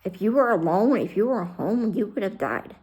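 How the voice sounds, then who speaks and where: With a mid-range, sing-song voice of darkish tone at normal speed, this woman recounts her life as a retired fire rescue worker in a casual vlog. She speaks bluntly and candidly, swearing and mixing humor with raw feeling, voicing both sides when she replays conversations.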